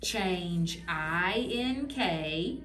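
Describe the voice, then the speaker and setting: A woman reading teacher giving a patient, encouraging one-on-one phonics lesson, modeling words slowly for a student. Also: lowish voice, expressive. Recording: roomy with background noise.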